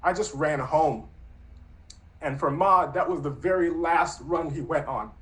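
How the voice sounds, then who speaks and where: A man's voice: a little high, measured pace, fairly bright tone, rough recording. A man in his thirties telling a true personal story in an earnest, reflective, conversational way. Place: Brooklyn.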